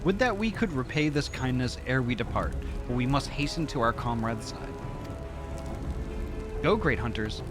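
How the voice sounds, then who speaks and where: Earnest young hero, formal speech, a man reading aloud, lively pitch, game music behind. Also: moderate pace, close to an everyday voice.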